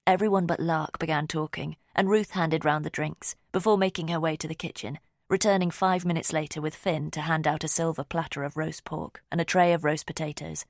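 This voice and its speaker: A woman reading a mystery audiobook in a steady, measured storytelling voice. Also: sits low, dry recording, clean studio sound. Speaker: audiobook narrator. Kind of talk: scripted narration.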